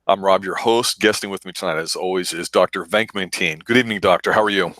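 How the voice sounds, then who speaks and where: A man hosting a casual movie review podcast, telling stories with animated laughter. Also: deep voice, fast, dry recording. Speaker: podcast host.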